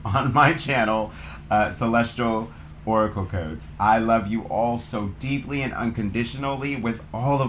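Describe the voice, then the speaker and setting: A man hosting a spiritual card reading channel, speaking gently and affectionately in a loose, meandering way, with many fillers. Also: medium pitch, a little hiss or hum. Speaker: channel host, tarot reader. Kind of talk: spiritual oracle reading, affirmations.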